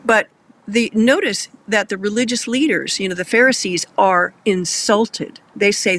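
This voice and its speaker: A man's voice: high voice, unhurried, a bit bright. A man hosting a Christian discussion show, telling Bible stories earnestly and getting emotional.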